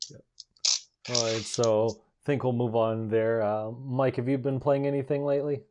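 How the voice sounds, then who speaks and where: A man with a mid-range voice hosting a casual podcast. He talks in a relaxed way and laughs easily as he steers the talk along. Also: medium pitch, normal speed, dull audio. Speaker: podcast host. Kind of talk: casual chat.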